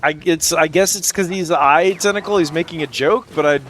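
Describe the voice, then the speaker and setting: A man's voice: a little high, brisk, fairly bright tone, faint music behind. Sarcastic, swearing man streaming a game. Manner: sarcastic, joking, swears freely. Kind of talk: casual gameplay commentary.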